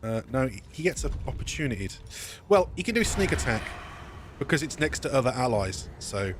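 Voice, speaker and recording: A man's voice: mid-range voice, very animated, brisk, noisy background. A man casually commentating his gameplay as a let's play streamer, thinking aloud and correcting himself as he goes.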